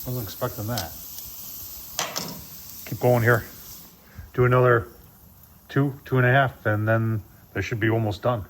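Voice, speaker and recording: A man's voice: medium pitch, steady tone, unhurried, pauses often, slight background noise. A man hosting his own channel, casually reviewing a gas grill while cooking and chatting to viewers in a folksy way.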